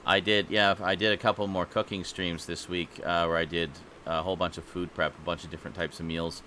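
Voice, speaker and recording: A man's voice: low-pitched, flat delivery, brisk, bright, forceful tone, slight background noise. A man hosting a podcast, reading movie trailer news aloud and chatting about it, sounding a bit tired. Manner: reads trailer blurbs aloud, then chats about them. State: tired, yawning. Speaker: podcast host.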